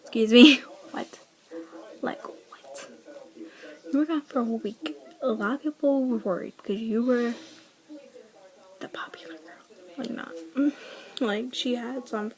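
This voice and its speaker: A woman's voice: a little high, darkish tone, low-quality recording. An eighteen-year-old woman vlogging a personal story in a chatty, rambling way, filling her talk with "like" and whispering the lines she quotes. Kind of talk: casual storytelling.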